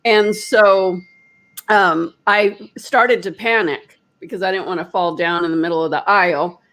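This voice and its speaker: A woman's voice: fairly low pitch, measured pace. Chatty woman telling a story. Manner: animated, chatty, many "like" fillers; acts out her own quoted panic. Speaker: energy healer, host. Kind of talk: casual storytelling.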